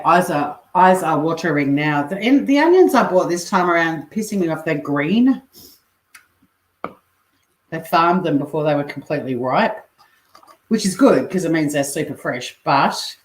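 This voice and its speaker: A woman's voice: deep voice, echoey room, a little hiss or hum. An Australian woman hosting a casual livestream while she cooks at home, chatting away, swearing casually and reading viewers' comments aloud. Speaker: livestream host. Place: home kitchen.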